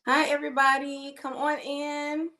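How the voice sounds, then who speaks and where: Animated woman greeting livestream viewers. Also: sits high, unhurried. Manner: greets viewers by name, affectionate and excitable. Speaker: livestream host. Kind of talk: casual livestream chat.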